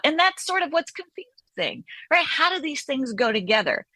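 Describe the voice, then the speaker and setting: A woman therapist talking as an interview guest, animated and acting out inner voices as she explains. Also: high voice, moderate pace, no room sound. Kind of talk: conversational interview.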